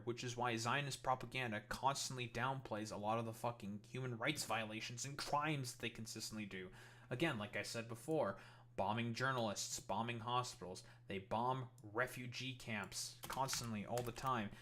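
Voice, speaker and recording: A man's voice: medium pitch, moderate pace, a bit bright. Profane ranting man streamer. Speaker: streamer host. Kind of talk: casual political commentary stream.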